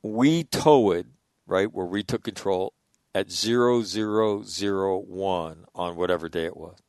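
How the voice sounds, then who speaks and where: A middle-aged man and Marine veteran, telling stories in a blunt, profane, animated way in a casual interview. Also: low-pitched, a little slow, smooth, no room sound, studio quality.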